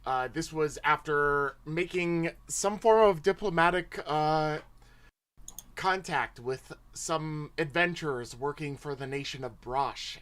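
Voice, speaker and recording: A man hosting and narrating a tabletop game on a livestream, casual and chatty. His voice sits a little high. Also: a bit bright. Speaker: game master, host.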